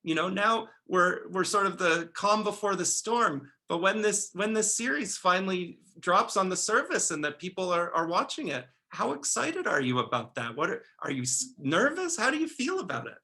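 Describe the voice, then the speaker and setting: A man's voice: high-pitched, lively intonation, moderate pace, hardly any pauses, sharp tone. A man interviewing an actress, asking long, chatty, winding questions.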